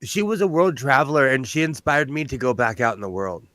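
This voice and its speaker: A man's voice: medium pitch, expressive, fairly quick, fairly bright tone, no echo. A man in casual conversation, talking in long, looping stories and poking fun at himself, with frequent laughs. His voice sits mid-range, and the recording is dry and close with almost no room sound. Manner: rambling, self-mocking, laughs often. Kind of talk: casual chat.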